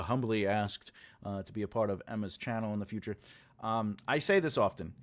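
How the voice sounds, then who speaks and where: In a mid-range voice, a writing teacher hosts a live class, talking casually and jokingly with his audience. He rambles with many filler sounds and responds aloud to comments from the chat.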